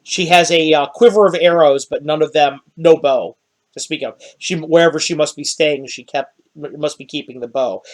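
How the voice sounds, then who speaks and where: A man running a tabletop game as game master, narrating scenes in a halting, descriptive way. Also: a little high. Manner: descriptive, halting, with restarts and quick laughs.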